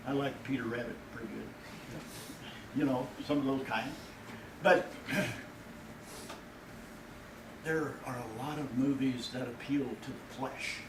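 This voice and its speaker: A male pastor preaching a sermon in a folksy way, his voice rising and loud whenever he quotes God. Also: medium pitch, steady tone, normal speed, noisy background. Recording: echoey room from far off.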